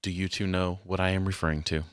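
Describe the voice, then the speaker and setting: A man's voice: sits low, little pitch movement, quick pace, clean tone, dry recording, clean studio sound. A man hosting a faith podcast, chatting casually and announcing with playful mock grandeur. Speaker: podcast host. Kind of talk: casual chat.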